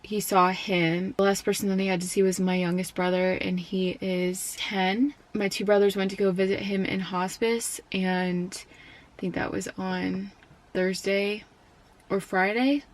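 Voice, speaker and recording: A young woman in college telling a personal story in a vlog, speaking softly and haltingly with many fillers, at times close to tears. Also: mid-range voice, level tone. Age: young adult. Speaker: college student.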